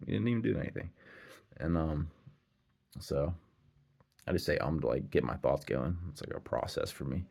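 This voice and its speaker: Very deep-voiced man rambling earnestly. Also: creaky. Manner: rambling, earnest, restarts and drifting asides. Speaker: channel owner telling a personal story. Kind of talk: casual rambling vlog monologue.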